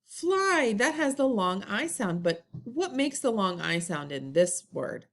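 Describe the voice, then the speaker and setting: A woman teaching a first grade phonics lesson online, in slow, drawn-out, sing-song teacher talk. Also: medium pitch, sing-song, fairly bright tone. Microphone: computer recording.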